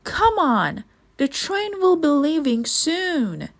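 A woman's voice: high voice, very animated, slow pace, voice pushed up, full character voice. A woman voicing a kindly adult woman who gathers up lost children in a storybook reading. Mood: relieved.

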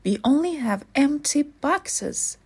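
A woman's voice: high-pitched, lively intonation, slow, pitched above the performer's own voice, full character voice. A woman voicing an earnest, anxious young boy in a storybook reading. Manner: hushed, earnest.

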